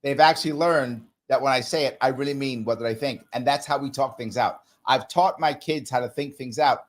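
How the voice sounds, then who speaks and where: A man in his forties from the United States, a management consultant talking as a podcast guest, emphatic and fond of acting out little exchanges. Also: fairly quick. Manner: emphatic, acts out little dialogues with rising pitch. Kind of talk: casual conversation.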